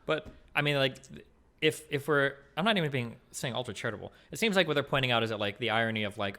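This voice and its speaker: A man in a casual debate, hedging and hesitant, talking in quick bursts. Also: medium pitch, expressive, pushed and bright.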